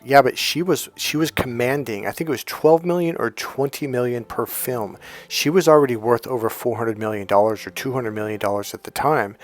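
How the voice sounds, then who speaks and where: A man's voice: mid-range voice, brisk, hardly any pauses. A middle-aged man talking as a dating coach in a casual, rambling monologue, retelling old conversations in quotes.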